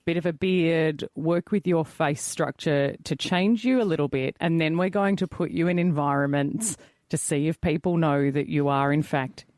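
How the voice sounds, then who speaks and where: A woman's voice: deep voice, moderate pace, a little mellow, no echo, studio quality. A woman with an Australian accent hosting a radio show in casual, upbeat banter. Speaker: radio host. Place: radio studio. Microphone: studio mic.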